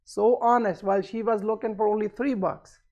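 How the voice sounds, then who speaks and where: Male preacher, fairly high voice, storytelling sermon, lively delivery of dialogue. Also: moderate pace, highs cut off. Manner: retells a story, acting out dialogue with rising emphasis. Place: community centre hall.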